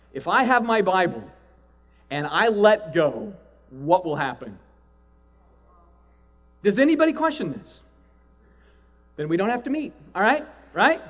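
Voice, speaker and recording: A man preaching a sermon to a live audience, animated, acting out quoted voices and often asking "right?". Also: sits high, lo-fi sound. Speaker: pastor.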